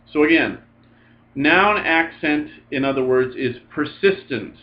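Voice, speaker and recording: Man drilling Greek endings, dull recording. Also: mid-range voice. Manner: patient, drills forms aloud in lists. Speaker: Greek teacher. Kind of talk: recorded grammar lecture.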